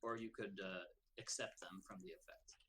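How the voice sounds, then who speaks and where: A man running a tabletop game as game master, giving brisk, matter-of-fact rulings. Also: low voice, fairly even intonation, bright, forceful tone, husky.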